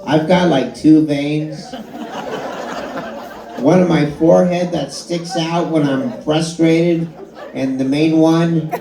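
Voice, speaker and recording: A man with a highish, creaky voice speaks slowly during a stand-up set at a bar and grill. Swearing freely, he tells an animated story, and the audience's laughter fills the echoey, crowded room.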